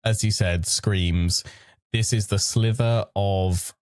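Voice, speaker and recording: A man's voice: fairly low pitch, steady tone, slow pace, no room sound, studio quality. A man from the UK co-hosting a podcast, chatting casually and playfully, often restarting his sentences. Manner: rambling, self-interrupting, playful. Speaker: podcast co-host. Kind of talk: casual chat reviewing desk setups.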